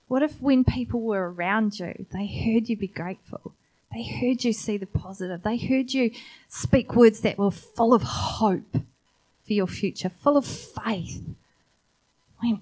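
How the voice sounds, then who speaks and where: Slow, earnest woman preacher. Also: mid-range voice. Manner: earnest, encouraging, rhetorical questions. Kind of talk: sermon.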